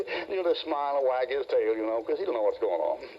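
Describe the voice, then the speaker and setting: An older man preaching a fiery, mocking sermon to a congregation, yelling and growling as he goes. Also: a little high, fast talker, few pauses. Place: church before a congregation. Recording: muffled old tape with hiss.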